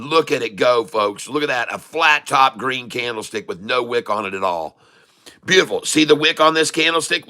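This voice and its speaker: Excitable folksy day trader, bright voice. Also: male voice, medium pitch. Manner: excitable and folksy, repeating phrases for emphasis. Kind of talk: live trading commentary.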